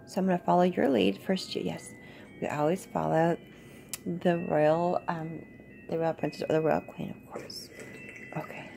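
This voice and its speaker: A woman's voice: fairly low pitch, fairly even intonation, normal speed, creaky, dark tone, slight background noise. A middle-aged woman, a mother playing a pretend tea party with her child, talking in a gushing, playfully formal and polite way.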